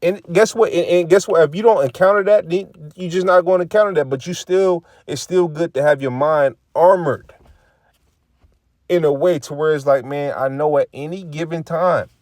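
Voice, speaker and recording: A man's voice: on the high side, moderate pace, darkish tone, dry recording, clean studio sound. A man giving casual, profane religious commentary, reading scripture lines and acting out quoted remarks. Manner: preachy, profane, repeats phrases, acts out quoted remarks.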